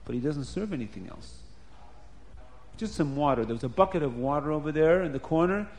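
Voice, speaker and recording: A man's voice: fairly high pitch, animated, brisk, darkish tone. A man telling a story aloud in a plain, earnest, repetitive way. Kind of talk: spoken storytelling.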